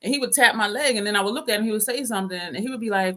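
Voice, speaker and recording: A woman's voice: mid-range voice, rapid-fire, bright, forceful tone. A woman in her fifties, host of a casual livestream, telling a story to viewers, often laughing and reading out comments. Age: 50s.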